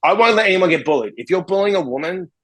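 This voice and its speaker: Animated man, fairly high voice. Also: quick pace, rough recording. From Australia. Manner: animated, acts out both sides of dialogue, blunt and profane. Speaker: podcast guest, interventionist. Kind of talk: casual storytelling in a podcast interview.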